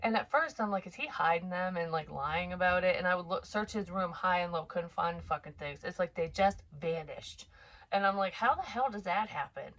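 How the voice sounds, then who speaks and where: A woman in her forties with a slightly low voice tells a personal story, frank and full of swearing. She talks in a chatty, rambling way with asides. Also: expressive, moderate pace, fairly bright tone. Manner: frank and heavily profane. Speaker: psychic medium vlogger. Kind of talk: casual storytelling.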